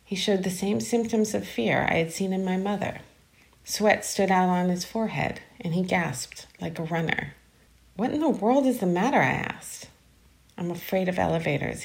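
A woman giving a calm, measured reading of a literary short story. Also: medium pitch.

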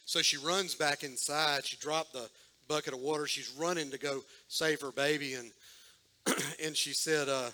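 A man preaches to his congregation in a folksy, storytelling way. His voice sits a little high and sounds bright and forceful. He talks straight to the people in front of him. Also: fairly even intonation, normal speed, rough recording. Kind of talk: sermon storytelling.

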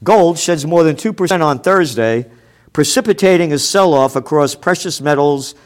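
A man hosting a forecasting show, delivering a combative, profane rant with loud bursts of shouting. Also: a little high, moderate pace. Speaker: host of a trend forecasting show. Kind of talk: ranting commentary.

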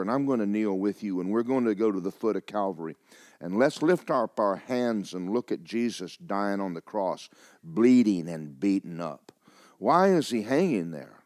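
A man's voice: lowish voice, dry recording, studio quality. A man preaching a sermon as pastor, mixing joking asides with fervent calls.

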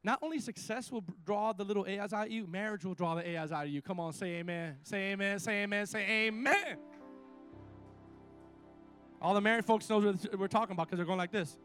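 A man with a strikingly high voice preaches a sermon. He tells personal stories with energy and calls his congregation to respond. Faint music plays beneath him. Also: fairly quick, clean tone. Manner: animated storytelling with call-and-response. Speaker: pastor.

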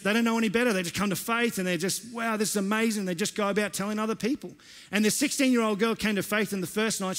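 A man's voice: high voice, fairly bright tone. A man preaching a sermon as pastor, telling personal stories earnestly with frequent restarts and repeated words. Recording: long hall reverb.

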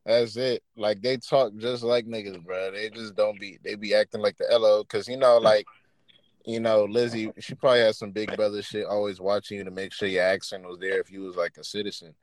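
A man's voice: lowish voice, flat delivery, fairly quick, dry recording, rough recording. A man co-hosting a casual chat, loose and joking, laughing often.

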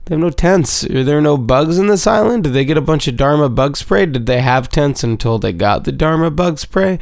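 Gravelly man rambling through an episode recap. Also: on the high side, animated, normal speed, no echo, clean studio sound. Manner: rambling, profane, playfully repetitive.

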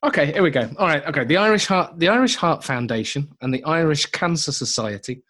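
A man's voice: on the high side, lively intonation, brisk, fairly bright tone. A man co-hosting a casual podcast, bantering and swearing freely as he reads out news items. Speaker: podcast co-host. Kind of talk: casual chat.

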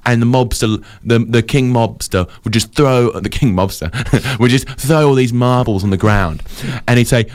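A man's voice: medium pitch, moderate pace, few pauses. Rambling man telling stories. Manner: rambling, jokey storyteller. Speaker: co-host. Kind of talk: comedy podcast chat.

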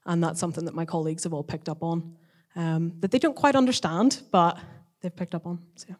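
A woman's voice: lowish voice, a little fast. A young woman, a social worker, telling a story from her work in a chatty way, full of fillers and quoted dialogue. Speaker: student social worker sharing testimony. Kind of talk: casual spoken testimony.

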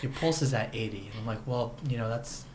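A man telling a story in casual chat, animated and joking. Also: medium pitch, brisk. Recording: noisy background.

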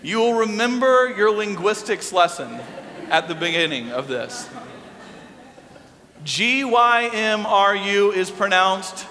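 A middle-aged man preaching a sermon, telling a story in an animated, lively way. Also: high-pitched, slow pace. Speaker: pastor. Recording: long hall reverb.

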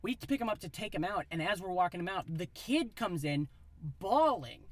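A man in his thirties from Iowa, telling a rambling, animated story in a casual chat. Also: sits high, normal speed. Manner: animated, rambling, acts out voices in quotes.

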